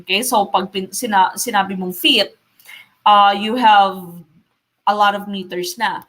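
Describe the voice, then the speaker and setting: A woman's voice: mid-range voice, fairly even intonation, fairly bright tone. Filipino woman teaching a review lesson. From Philippines. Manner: explains slowly, mixing Tagalog and English, repeats key points. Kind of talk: live-stream exam review lesson.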